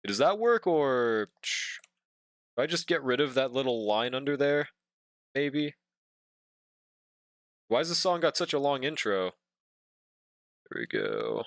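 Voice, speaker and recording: A man's voice: medium pitch, sing-song, takes it slowly, long pauses, a bit bright, no echo, clean studio sound. A man streaming live, chatting casually while he draws, joking and cursing, humming to himself between remarks. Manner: joking, profane, hums to himself.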